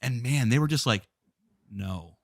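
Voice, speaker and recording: Bright, lively-voiced man chatting. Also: mid-range voice, moderate pace, no echo, clean studio sound. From Canada. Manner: excitable, rambling, lots of fillers. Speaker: host musician. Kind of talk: casual chat.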